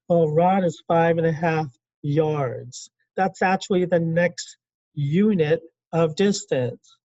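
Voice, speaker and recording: A man teaching a classroom lecture in a conversational way, asking the class questions and acting out quick quotes. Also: fairly high pitch, darkish tone, no room sound, lo-fi sound. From California.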